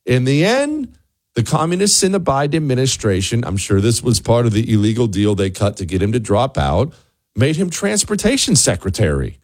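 A man's voice: medium pitch, very animated, moderate pace, darkish tone, no echo, clean studio sound. A man hosting a talk radio show, delivering an opinionated monologue with sarcastic asides and emphatic repetition. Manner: emphatic, repeats words for punch.

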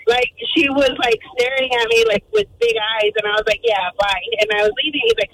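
Animated woman caller on a phone line. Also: a little high, slight background noise. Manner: animated, fast, many fillers. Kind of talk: phone-in storytelling.

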